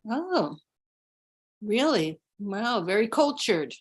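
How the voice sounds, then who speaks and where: A woman in an improv comedy scene over a video call speaks slowly and evenly. Her delivery is deadpan and matter-of-fact, her pitch middling. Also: breathy edge. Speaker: improv performer.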